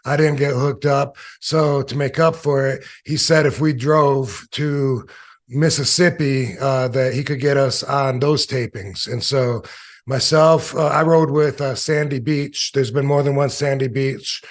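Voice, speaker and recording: A man's voice: mid-range voice, steady tone, unhurried. A man in his fifties, an interview guest and former wrestler, telling long casual stories with many fillers and acting out the voices of people he quotes. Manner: rambling anecdotes with many fillers.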